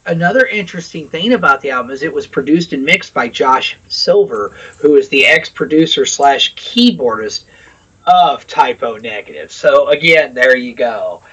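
A man co-hosting a podcast, chatting casually about music, animated and swearing freely, telling anecdotes. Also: on the high side, normal speed, husky, distant mic, rough recording. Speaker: podcast co-host.

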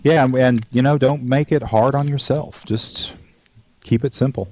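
A man's voice: mid-range voice, fairly even intonation, moderate pace, darkish tone, slight background noise. A man hosting a cooking show, chatting casually in a folksy, rambling way and telling jokes along the way. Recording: dull dry lo-fi recording.

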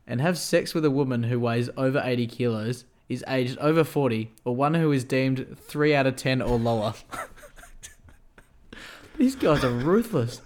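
A man's voice: medium pitch, lively intonation, normal speed, darkish tone. A young Australian man co-hosting a casual podcast, joking and laughing often. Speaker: podcast co-host. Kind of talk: casual chat.

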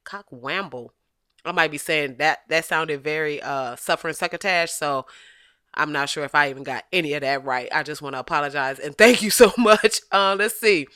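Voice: mid-range voice, fairly quick, clean tone, dry recording, clean studio sound. A podcast host in casual, comedic chat, laughing often and slipping into voices when quoting people. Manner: animated, laughs often, slips into quoted voices.

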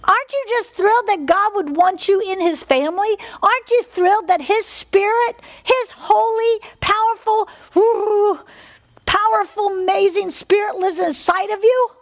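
A woman's voice: very high-pitched, moderate pace, hardly any pauses. A middle-aged woman preaching a fervent sermon, often asking her listeners for an "Amen". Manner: fervent, animated, asks the congregation "Amen?".

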